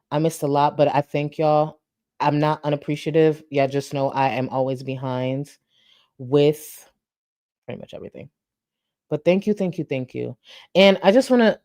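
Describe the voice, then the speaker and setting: A woman's voice: sits low, warm tone, dry recording, clean studio sound. A woman commentary host thanking her viewers in a loose, rambling way, saying she is tired. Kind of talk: casual sign-off talk to viewers.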